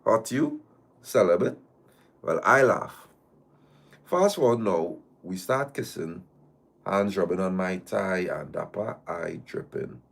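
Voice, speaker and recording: Animated man reading a story. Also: sits low, slow pace, creaky. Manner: animated reading in the first person, with teasing asides. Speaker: host reading a listener's story aloud. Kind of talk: live-stream storytime reading.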